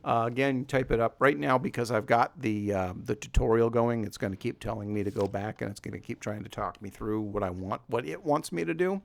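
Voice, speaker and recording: Gravelly man narrating a game. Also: medium pitch, brisk, few pauses, no room sound. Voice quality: scratchy voice. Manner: rambling, self-deprecating, chuckles often. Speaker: let's play host. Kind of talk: casual gameplay commentary.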